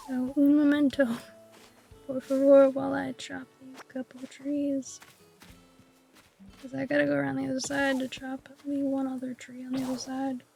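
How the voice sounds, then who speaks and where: A high-voiced woman whispers raspy, low-key chatter while streaming a game, in a fairly level tone. Her playful, mock-grand musings stay hushed throughout. Soft guitar music plays faintly behind her. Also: monotone, normal speed. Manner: whispering softly. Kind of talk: casual gameplay chat.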